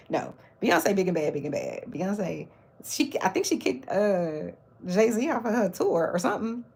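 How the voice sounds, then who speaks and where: A woman's voice: lowish voice, sing-song, normal speed, gravelly, a little mellow, breathy edge. A woman hosting her own livestream, chatting casually about celebrity gossip with mocking asides. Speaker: livestream host.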